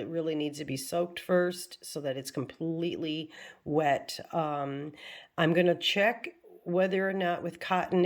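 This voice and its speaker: An American woman chatting casually in a crafting vlog, rambling and self-deprecating, chuckling at her own attempts. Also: fairly low pitch. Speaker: crafting vlogger. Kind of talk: casual chat.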